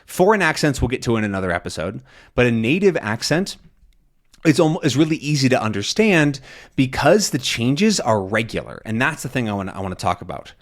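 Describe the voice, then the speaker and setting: A young man teaching a casual lesson, talking in a relaxed, rambling way, often correcting himself and acting out sounds. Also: medium pitch, a little fast. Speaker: language teacher.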